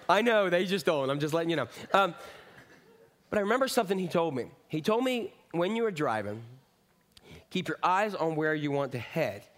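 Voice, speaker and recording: A man's voice: high voice, fairly bright tone. A middle-aged man preaching a sermon in a conversational, rambling way with asides and jokes. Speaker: pastor.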